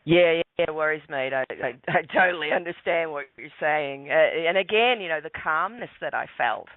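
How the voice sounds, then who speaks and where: A man's voice: on the high side, moderate pace, no echo. Man telling a story by phone. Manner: calm storyteller, repeats words, slang. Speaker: guest. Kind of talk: telling a personal story on a call-in show. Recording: phone line, dry.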